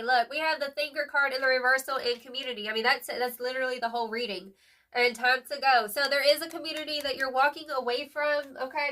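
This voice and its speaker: A young woman's high, bright voice runs through a casual tarot reading. She talks in an emphatic, slangy way, calls the listener "boo-boo," and punctuates her points with "period." She sits a little back from the mic. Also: far from the mic. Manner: chatty, emphatic, lots of "like" and "period". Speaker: tarot reader.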